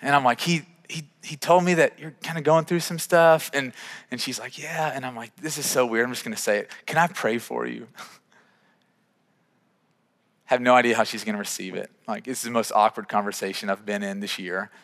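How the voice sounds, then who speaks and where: Pastor telling a story in a hall. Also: male voice, medium pitch, a little fast. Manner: animated, self-deprecating storytelling with acted dialogue. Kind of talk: sermon storytelling. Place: church sanctuary. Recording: reverberant church hall.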